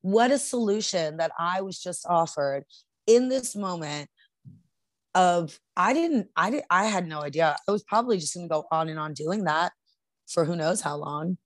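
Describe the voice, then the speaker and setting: A woman's voice: fairly low pitch, animated, normal speed, dry recording. A middle-aged woman co-hosting a podcast, telling a personal story in an earnest, casual way with frequent restarts. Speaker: podcast co-host.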